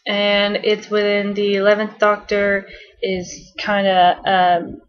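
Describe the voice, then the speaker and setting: A young-sounding woman chats her way through a fan countdown, bubbly and rambling, full of "um"s and soft giggles. Her voice sits at an ordinary middle pitch. The home recording sounds dull and lo-fi. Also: completely flat delivery, slow. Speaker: vlogger. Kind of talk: casual fan countdown chat.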